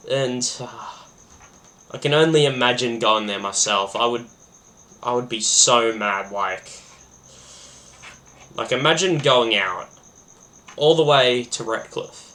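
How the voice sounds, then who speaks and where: Male podcast host, bright tone, rambling and excitable, heavy on fillers. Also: mid-range voice, takes it slowly, pauses often. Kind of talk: casual solo podcast chat.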